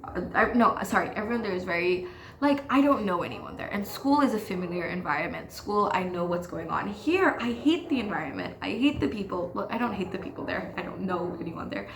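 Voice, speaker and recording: A woman's voice: medium pitch, expressive, fairly quick, echoey room, slight background noise. A teenage girl hosting her own podcast, ranting frankly and self-deprecatingly in casual talk, swearing freely. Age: teens. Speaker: podcast host. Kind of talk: casual confessional rant.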